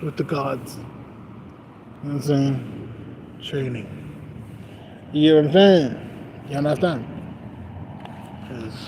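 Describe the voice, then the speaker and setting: A young man streaming, talking in a loose, profane, rambling way with lots of fillers, outdoors by a street with traffic. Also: medium pitch. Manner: rambling and profane, often laughing, many fillers. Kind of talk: casual rambling monologue.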